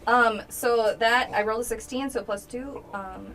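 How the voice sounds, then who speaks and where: A woman's voice: fairly high pitch, normal speed, a bit bright, far from the mic, soft background music. A woman playing a tabletop game casually, hesitant and laughing as she talks. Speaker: player.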